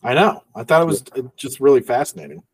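A man co-hosts a casual movie-review podcast, drifting through his points and breaking into laughs as he acts out quotes. His voice is of middling pitch. He sits a little back from the mic in a dry-sounding space. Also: big pitch swings, fast talker, husky, dry recording, far from the mic. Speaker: podcast co-host.

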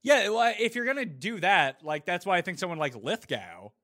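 A man talking in a casual podcast chat, with blunt opinions and a lively delivery that swings up and down in pitch. His voice is bright and fairly high for a man. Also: normal speed. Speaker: podcast co-host.

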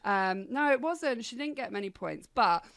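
A woman's voice: a little high, lively intonation, moderate pace, vocal fry, a bit bright. A woman, a gushing Eurovision fan, chatting casually with friends on a podcast.

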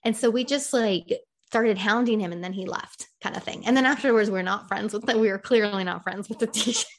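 Animated young woman telling stories. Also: mid-range voice, brisk. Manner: animated storyteller, acts out quoted arguments. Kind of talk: casual chat.

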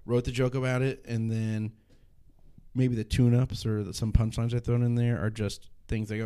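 A man's voice: medium pitch, little pitch movement, a little fast, warm tone, clear, resonant tone. Rambling male stand-up comedian chatting. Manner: rambling, self-interrupting, swears casually. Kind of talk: casual podcast conversation.

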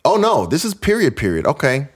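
This man's voice is a little high, a little fast, and slightly rough as he hosts a casual comedy podcast. He reads listener letters out loud, reacting with lots of laughter in an animated, joking style.

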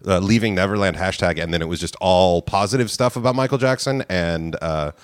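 A man's voice: low-pitched, brisk, clear, resonant tone, no room sound. A man co-hosting a podcast, chatting casually, swearing and telling stories. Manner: animated, swears, tells stories. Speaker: podcast co-host. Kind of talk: casual comedic chat.

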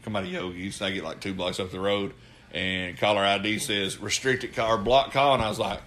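A former wrestler co-hosting a casual podcast chat tells profane stories and acts out what people said. His voice is fairly low and fairly bright, with fairly even intonation and a brisk pace.

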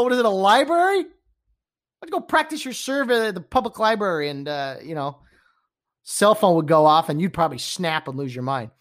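A man hosting a podcast, ranting casually about sports and acting out quotes in mock voices and whispers. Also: very high voice. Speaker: podcast host.

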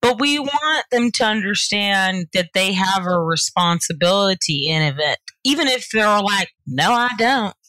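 Bright-voiced woman from Georgia, earnest. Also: medium pitch, dry recording, low-quality recording. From Georgia, US South. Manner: earnest, animated advocacy with quick asides. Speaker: political party organizer. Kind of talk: interview conversation.

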